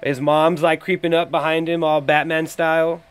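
A man hosting a podcast with a slightly high voice, riffing loosely as he reacts to a trailer. He is excitable, thinks aloud and swears in nearly every sentence. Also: normal speed, clean tone. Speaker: podcast host. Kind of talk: casual trailer reaction commentary.

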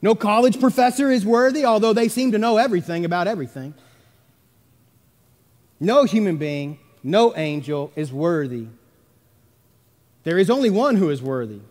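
A man preaching a sermon as pastor, emphatic, swinging between loud stresses and hushed asides. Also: high voice, lively intonation, normal speed, long pauses. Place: church sanctuary. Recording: long church reverb.

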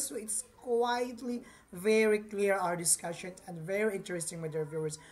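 A woman teaching an English grammar lesson, patiently repeating each point and addressing her viewers as class. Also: fairly low pitch.

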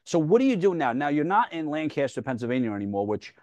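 A man's voice: fairly high pitch, big pitch swings, fast, dry recording. Affirming male podcast host, dry sound. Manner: warm, affirming, self-deprecating humor. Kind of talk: conversational interview.

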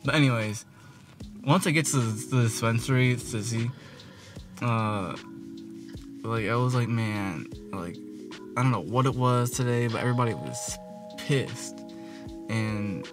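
A man, telling a rambling, profane storytime vlog full of fillers. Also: medium pitch. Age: 20s. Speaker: vlogger. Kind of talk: casual storytime rant. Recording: music playing behind. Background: music.

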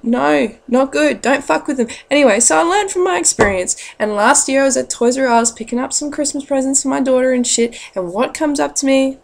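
A woman's voice: high-pitched, brisk, vocal fry, few pauses. A woman telling a rambling, profane story to camera in a blunt, casual way. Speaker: parent.

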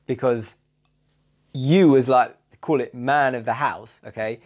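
A man's voice: mid-range voice, fairly even intonation, measured pace. A man, co-hosting a podcast and giving blunt, emphatic relationship advice in casual chat. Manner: chatty, emphatic, British slang.

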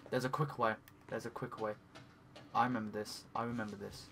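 A man giving let's play commentary while he plays, talking to himself, swearing often and breaking into excited cries. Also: lowish voice, brisk, gravelly. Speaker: gaming commentator.

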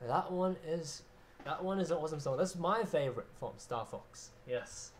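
A man's voice: fairly high pitch, animated, moderate pace, heavy background noise. A man hosting a casual piano livestream, chatting loosely, reading out viewer names and laughing often. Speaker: livestream host and pianist.

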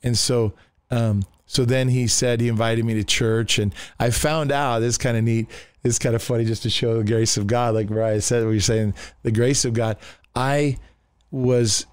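A man's voice: medium pitch, steady tone, normal speed, smooth, no room sound, clean studio sound. A middle-aged man from the United States, a pastor telling his life story in a casual podcast talk, rambling with restarts and acting out quoted voices. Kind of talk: casual testimony in a podcast conversation.

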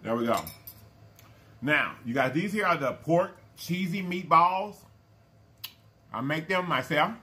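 A man's voice: on the high side, animated, measured pace, long pauses, sharp tone. A man hosting a casual eating show, folksy and chatty, calling viewers y'all and baby and humming over his food. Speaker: mukbang channel host.

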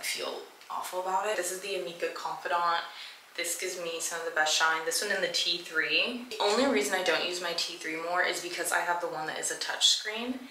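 A woman's voice: fairly low pitch, sharp tone. A young woman in her twenties chatting casually to camera in a rambling, filler-heavy way about hair and outfits, sometimes swearing. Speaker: lifestyle vlogger. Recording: echoey room, faint ambient noise.

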